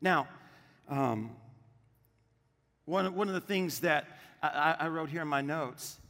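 A male pastor preaching a sermon to a congregation, lively and drawing the crowd into call-and-response. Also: fairly high pitch, slow pace, big-room sound. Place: church auditorium with congregation.

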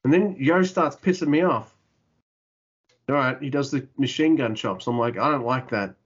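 A man's voice: mid-range voice, moderate pace, breathy edge, muffled recording. A man co-hosting a podcast, ranting in casual wrestling chat, exasperated and swearing a lot. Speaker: podcast co-host.

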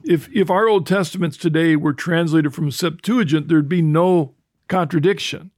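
An older man hosting a talk program, explaining scripture in a thoughtful way, often restarting and slowing down for quotations. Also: a little high, a little mellow, no echo, studio quality. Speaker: host. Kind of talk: conversational teaching talk.

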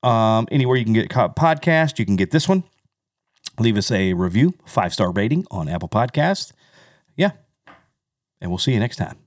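A man's voice: lowish voice, very animated, normal speed, long pauses, no room sound, studio quality. A man co-hosting a podcast in casual chat, rambling with many fillers and restarts. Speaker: podcast co-host.

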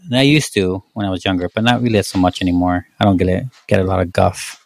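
A man's voice: sits low, steady tone, quick pace, creaky. A man from Mexico with a slight Mexican accent, hosting a casual movie-review podcast and rambling with lots of fillers. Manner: rambling, many fillers and restarts. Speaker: podcast host.

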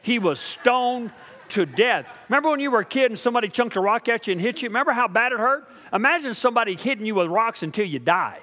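A middle-aged male pastor preaching a sermon, asking his congregation questions and swinging from quiet, slow intensity to loud, emphatic build-ups. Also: very high voice, animated, big-room sound. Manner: preaching with call-and-response asides to the congregation.

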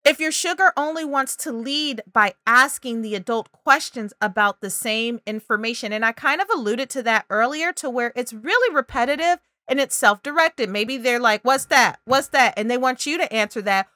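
A woman's voice: a little high, lively intonation, moderate pace, hardly any pauses, pushed and bright, no echo, clean studio sound. A woman talking parents through early reading and language signs, acting out child and parent voices now and then. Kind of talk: parenting advice video.

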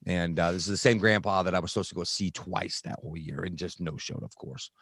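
A man earnestly telling a personal recovery story in conversation, halting, with many restarts and fillers. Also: deep voice, vocal fry, a bit bright, breathy edge, no room sound, clean studio sound. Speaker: guest sharing recovery story.

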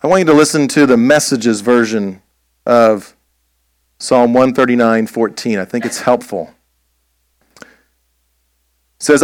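A man preaching a sermon as pastor, slow and emphatic, posing rhetorical questions. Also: mid-range voice, no echo.

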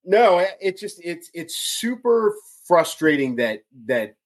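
A man's voice: sits high, big pitch swings, slow pace. Chicago guy venting about politics, emphatic, trips over his words a lot. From outside Chicago, USA. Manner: emphatic, frustrated, repeats words. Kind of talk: casual political chat.

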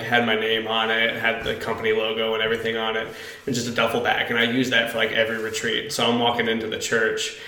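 A man co-hosting a chat show tells a story with energy and shouts out the quoted lines. His voice has a gravelly edge. He sounds roomy, recorded in a church basement. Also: fairly low pitch. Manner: animated storyteller, acts out quotes loudly. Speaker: podcast co-host, youth pastor. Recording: echoey basement room.

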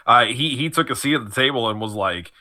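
A man with a bright, forceful voice talks casually as a player in a tabletop game. He is easygoing and chuckles between phrases as he describes his character. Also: medium pitch, expressive, a little fast.

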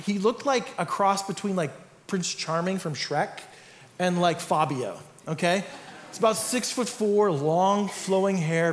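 High-voiced pastor in an echoey hall. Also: male voice. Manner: conversational storytelling, animated. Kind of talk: sermon. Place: church sanctuary.

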